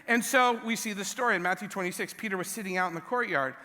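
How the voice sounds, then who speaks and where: Animated, bright-voiced male pastor. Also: sits high, fast. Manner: animated storytelling, self-mocking humor. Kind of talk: sermon. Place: large church hall. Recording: long church hall reverb.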